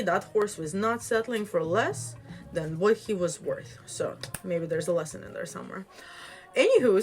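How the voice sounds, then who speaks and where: A woman casually retelling a fairytale, chatty and digressive, often checking in with "right?". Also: mid-range voice. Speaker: storyteller.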